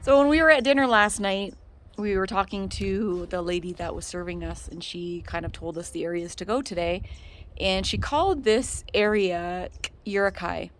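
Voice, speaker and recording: A woman's voice: medium pitch, normal speed, soft background music. A woman travel vlogger narrating casually on a hike, chatty and laughing easily. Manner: chatty, laughs often, enthusiastic. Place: outdoors on a hike, then in town.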